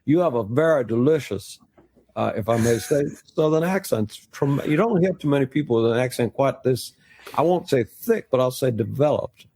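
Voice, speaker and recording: A man's voice: medium pitch, lively intonation, moderate pace, dark tone, husky. An American man, a guest impressionist, telling wry stories in a casual podcast interview. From United States. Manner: wry, storytelling, restarts often.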